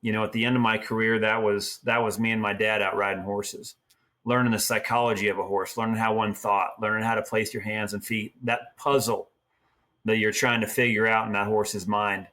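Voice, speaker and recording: A man's voice: on the low side, fairly quick. A middle-aged man from Oregon, a team roper and trainer, telling stories in a casual, folksy way. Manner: folksy, animated storyteller acting out quotes. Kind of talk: casual storytelling.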